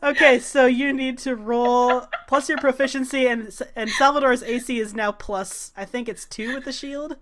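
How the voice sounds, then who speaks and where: A woman narrating as game master of a tabletop game, chatty and quick to laugh. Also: high voice, fairly even intonation, a bit bright, slight background noise.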